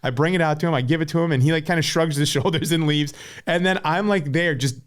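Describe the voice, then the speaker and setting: An American man in his forties, a podcast guest and former pro cyclist, chatting casually and telling stories in an animated way, full of "like" fillers. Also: on the high side, fast talker, clear, resonant tone. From United States. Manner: animated storyteller, many "like" fillers. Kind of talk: casual chat.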